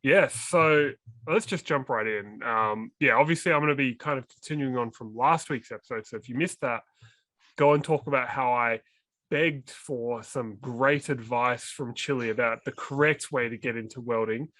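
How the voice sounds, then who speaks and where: A man with an Australian accent, co-hosting a casual podcast chat, jokey and quick to laugh. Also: mid-range voice, a bit bright, no echo. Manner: chatty, jokey, laughs often. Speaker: co-host.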